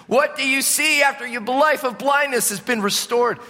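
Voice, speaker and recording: A man preaching a sermon as a pastor, impassioned, swinging between loud and hushed. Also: extremely high pitch, moderate pace. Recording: preached in a reverberant hall.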